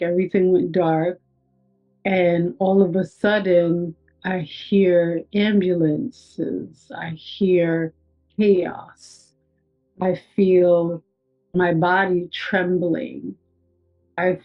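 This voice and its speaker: Low-pitched woman recounting a personal testimony, reflective, muffled lo-fi audio with faint music. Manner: reflective, soft, with hesitant restarts and fillers. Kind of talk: personal testimony of a near-death experience.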